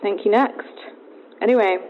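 A woman leaves a breezy, chatty voicemail at a middle pitch. The line sounds thin and phone-like. A faint hiss runs underneath her voice. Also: normal speed. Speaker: caller leaving a voice message.

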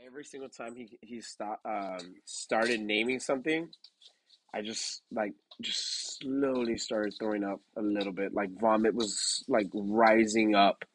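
A man's voice: on the low side, measured pace, slight background noise, rough recording. A young man casually telling a story for his podcast, rambling with lots of fillers, restarts and swearing. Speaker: podcast host.

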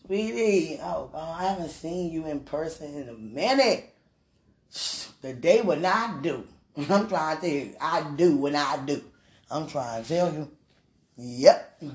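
A woman talking casually and praying aloud, repeating phrases and laughing often. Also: fairly low pitch. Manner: chatty, repeats phrases, laughs often, mixes talk with prayer. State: heartburn, hungry. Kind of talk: casual spoken monologue and prayer.

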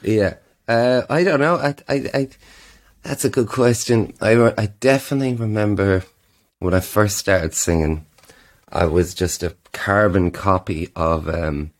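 Rambling low-voiced male musician guest. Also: measured pace. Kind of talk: casual chat.

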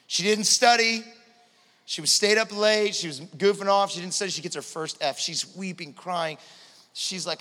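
A man in his thirties preaching a sermon, telling stories with animated swings from hushed to loud. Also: fairly high pitch, normal speed. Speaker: pastor. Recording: long hall reverb.

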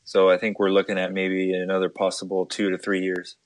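A man co-hosting a casual podcast from his desk, talking in a relaxed way with many filler pauses. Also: deep voice, slight background noise. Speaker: podcast co-host. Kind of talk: casual chat.

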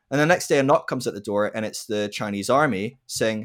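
A man's voice: lowish voice, quick pace, hardly any pauses. A man in casual conversation who tells stories and acts out the people in them, with frequent restarts and tag questions. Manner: animated, acts out quoted voices, frequent restarts and "right?".

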